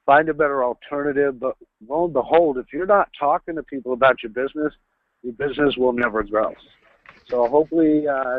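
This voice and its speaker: A man's voice: mid-range voice, dry recording. A man giving an instructive sales training talk on a webinar, stressing key words as he coaches. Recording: tinny phone-line webinar audio, dry.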